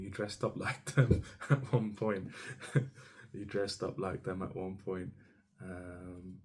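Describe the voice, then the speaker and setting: A man's voice: low voice, slight background noise. A man giving an intuitive tarot reading straight to the listener as "you", meandering and hesitant, full of ums and restarts. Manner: speaks directly to the listener as "you". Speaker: tarot reader.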